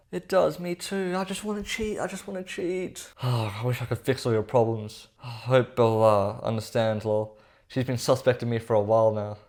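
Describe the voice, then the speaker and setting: A man's voice: medium pitch, a little mellow. A young man giving comedic commentary while reading text messages aloud, sarcastic and exasperated, with casual slang. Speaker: reaction commentator.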